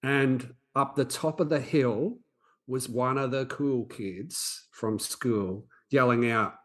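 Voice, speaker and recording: A man in his forties, a podcast host, telling a personal story in an earnest, halting way with frequent restarts. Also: medium pitch, fairly bright tone. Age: 40s.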